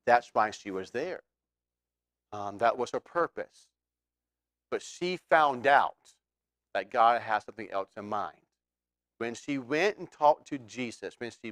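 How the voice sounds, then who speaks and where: A man's voice: medium pitch, dry recording, studio quality. A man preaching a sermon as pastor, talking conversationally and asking the congregation questions.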